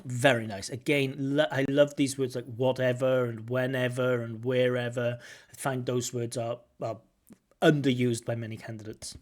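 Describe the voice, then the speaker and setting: A man working as a language examiner, giving lively spoken feedback on a candidate's test, recorded over a video call. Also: medium pitch. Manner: animated, acts out intonation with singsong syllables.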